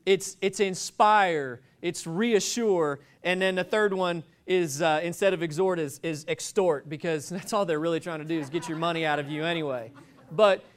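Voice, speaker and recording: A man's voice: on the high side, moderate pace. A man preaching a sermon, telling stories in a rambling, joking way with many restarts.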